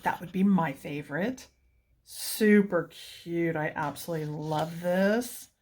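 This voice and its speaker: A woman's voice: fairly low pitch, measured pace, a little mellow, slight background noise. A woman chatting through a coloring book, gushing over each page and wandering off into rambling asides. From United States.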